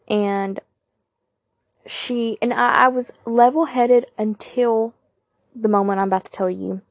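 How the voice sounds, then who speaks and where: A woman's voice: a little high, steady tone, unhurried, long pauses, dry recording, studio quality. A young woman, candidly telling a personal story on her podcast with emphatic asides to listeners. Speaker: podcast host.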